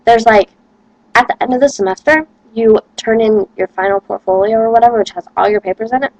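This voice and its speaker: A woman's voice: a little high, a little fast, darkish tone, no room sound, rough recording. A young woman, a college student, rambling casually to camera and complaining with lots of "like". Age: young adult.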